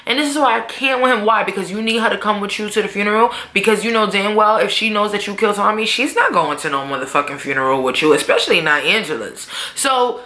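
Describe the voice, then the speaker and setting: A woman's voice: mid-range voice, fast talker, few pauses, bright, forceful tone. A young woman casually recapping a TV episode, slangy and swearing, talking back at the characters. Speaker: vlogger reviewing a TV episode. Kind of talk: casual recap with acted quotes. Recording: echoey room.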